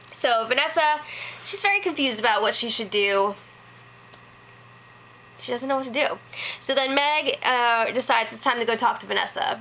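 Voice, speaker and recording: A woman's voice: fairly high pitch, bright, forceful tone, slight background noise, poor audio. A woman giving a casual spoken recap, chatty and full of "like" fillers. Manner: chatty, lots of "like" fillers, quick mimicry of others. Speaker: reality show recap host.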